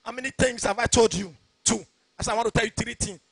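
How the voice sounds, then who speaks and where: A man preaching a sermon, shouting his points and slipping into a sing-song cadence. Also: very high-pitched, fairly even intonation, quick pace, slightly rough, no room sound. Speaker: pastor.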